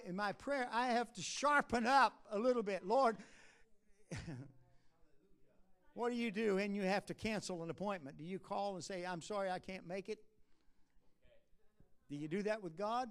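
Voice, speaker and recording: Preacher, male, high-pitched, easygoing sermon delivery with frequent uh fillers and emphatic swells. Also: clear, resonant tone. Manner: conversational preaching, rises to emphatic, drops low and soft at asides; halting restarts and drawn-out uh fillers. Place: church conference.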